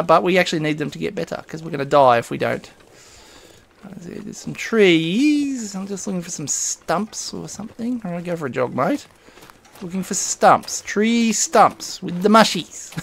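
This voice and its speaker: Gamer guy narrating his playthrough, kinda high and gravelly, rambles and chuckles a lot, talks to himself. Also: animated, a little slow, fairly bright tone. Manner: rambling, self-talking, chuckles often. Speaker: gaming host. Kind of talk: casual let's-play commentary.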